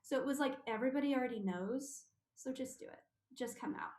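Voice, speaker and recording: A woman, a guest on a radio talk show, telling her story with lively acted-out quotes. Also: high voice, fairly quick, echoey room. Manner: animated storyteller, acting out quotes. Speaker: guest, intuitive medium. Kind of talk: casual radio interview.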